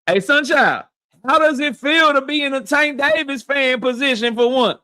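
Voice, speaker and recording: A man hosting a boxing livestream who greets viewers by name in loud, slangy, profane banter. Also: very high-pitched, moderate pace, dry recording, clean studio sound. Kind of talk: casual livestream chat, shouting out viewers.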